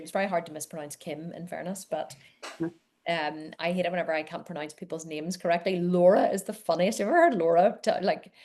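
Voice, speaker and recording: Brief: woman host, forties, casual live-call chat, warm encouragement, rambles. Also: fairly low pitch.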